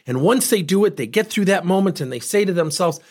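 Husky, animated middle-aged man. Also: sits high, a little fast. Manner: emphatic, direct, repeats points for stress. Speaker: business speaker. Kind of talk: motivational talk to camera.

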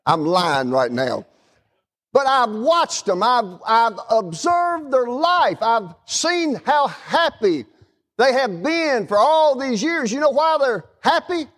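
A middle-aged man preaches in a church with a folksy, animated delivery, often turning to talk to the congregation. His voice sits high for a man and swoops up and down with lively expression. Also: takes it slowly. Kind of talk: sermon.

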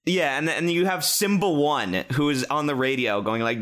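A man's voice: on the high side, normal speed, few pauses. A man in casual podcast chat, telling rambling, profane stories with lots of fillers and restarts. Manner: rambling, profane, animated storytelling with many fillers.

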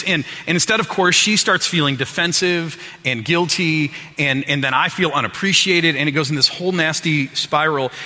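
A man's voice: a little high, pushed and bright. A man telling a personal story to an audience in a sermon-style talk, acting out his own quotes with self-deprecating humor. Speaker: speaker addressing an audience. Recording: long hall reverb.

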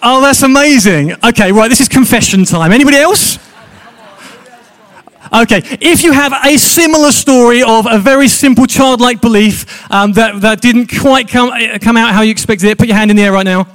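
A man's voice: very high-pitched, normal speed, fairly bright tone. A man preaching a sermon, chatty and joking with his congregation.

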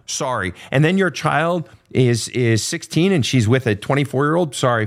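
A man in a confrontational coaching session, swearing freely and pressing hard with repeated questions. His pitch swings widely from line to line, with a middle-range voice. He talks bluntly and keeps pushing for answers. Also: expressive, normal speed, hardly any pauses. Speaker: host.

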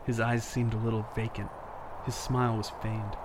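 An actor playing a tired, frightened young father who narrates a horror story in first person, tense and hushed. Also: lowish voice, flat delivery, normal speed, very noisy, natural voice. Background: music.

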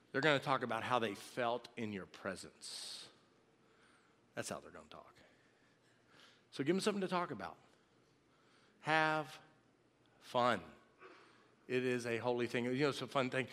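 A man in his fifties preaching in a lively, joking storytelling way, acting out loud shouts as he tells it. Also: mid-range voice. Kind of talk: storytelling sermon. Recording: long reverb of a large hall.

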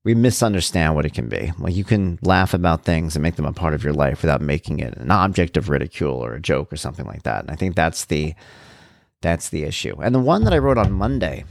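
A man with a lowish voice tells personal family stories in a casual, unscripted way. His pitch swings widely as he acts out the people he quotes, and the recording sounds dry and close with no room echo. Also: vocal fry. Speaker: father sharing personal stories.

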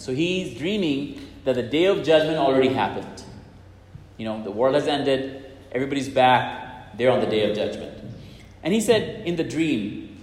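A man's voice: medium pitch, animated, moderate pace, darkish tone. A man preaching and retelling a religious story in an earnest way, often repeating himself as he goes. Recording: echoey hall with long reverb.

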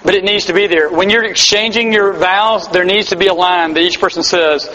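A man's voice: sits high, fairly even intonation, fairly quick, hardly any pauses, bright, forceful tone. A man preaching a sermon to a live audience, earnest and emphatic, with self-deprecating humor. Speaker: pastor. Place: large hall before a live audience. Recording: dull hall-echo live recording.

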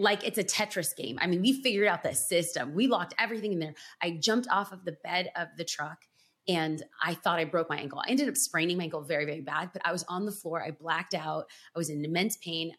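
A woman's voice: fairly low pitch, slightly rough. Earnest woman telling a vivid story. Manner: animated, earnest, pace swings from rapid to drawn out. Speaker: church planter and guest. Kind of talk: emotional storytelling testimony.

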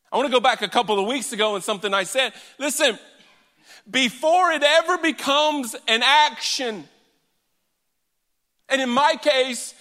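High, bright-voiced man preaching in a hall. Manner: earnest, emphatic, swings between loud and hushed. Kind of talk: sermon. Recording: long hall reverb.

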